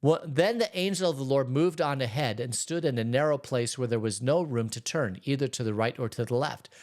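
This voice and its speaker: A man who is a pastor, giving a relaxed, conversational Bible teaching in church, reading scripture aloud and retelling it in everyday words. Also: mid-range voice, fairly quick.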